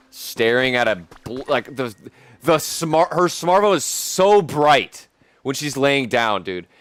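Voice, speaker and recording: Um jovem animado comenta um jogo num tom médio e descontraído, com gírias a toda hora. Ouve-se uma música fraca ao fundo da gravação. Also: male voice, medium pitch. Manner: animated, slangy, says "dude" a lot. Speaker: gaming streamer. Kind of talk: casual gameplay commentary.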